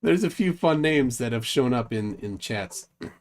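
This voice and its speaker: A man's voice: medium pitch, expressive, normal speed. Male host of a casual online stream, reads lists aloud, loose and rambling. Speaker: livestream host. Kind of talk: casual livestream chat.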